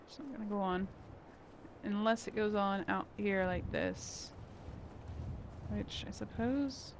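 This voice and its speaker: A woman talks through her gameplay in an unhurried, muttering way, thinking aloud as she goes. Her voice has a gravelly, fry-tinged edge. A steady background hiss runs under the recording. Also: medium pitch. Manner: thinking aloud, muttering to herself while building. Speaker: gameplay channel host. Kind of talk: casual gameplay commentary.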